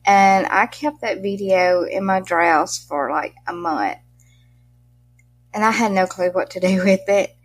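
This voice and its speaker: A woman's voice: medium pitch, a little slow, slightly rough. Chatty middle-aged Mississippi woman. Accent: Southern US (Mississippi). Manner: chatty, laughs often, country turns of phrase. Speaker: guest, pet content creator. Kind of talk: casual interview chat.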